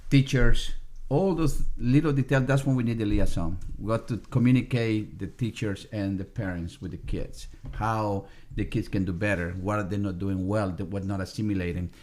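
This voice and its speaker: A man speaking as a podcast guest in a casual interview, often halting and restarting his sentences. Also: on the low side, darkish tone.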